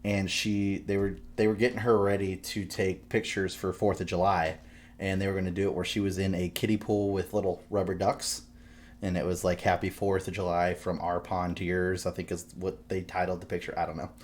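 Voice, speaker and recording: A man's voice: low voice, fairly quick, a little hiss or hum. Profane, laughing young father on a podcast. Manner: profane, animated storytelling. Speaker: podcast co-host. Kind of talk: casual chat.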